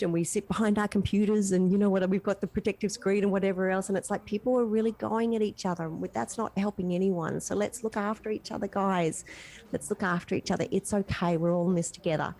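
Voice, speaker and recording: A woman's voice: mid-range voice, fairly even intonation, fairly quick, warm tone. A woman chatting as a guest, earnest and heartfelt, rambling with restarts. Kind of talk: casual chat.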